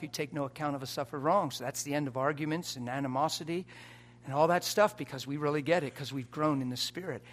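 A man preaching a sermon to a live audience in a church, emphatic, swinging from soft asides to loud exhortation and often laughing and urging the crowd on. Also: mid-range voice. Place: church or conference hall before a live audience.

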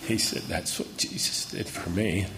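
A man's voice: deep voice, a little slow, background noise. Emotional man speaking at a memorial. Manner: emotional, earnest, voice catching. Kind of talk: memorial tribute speech.

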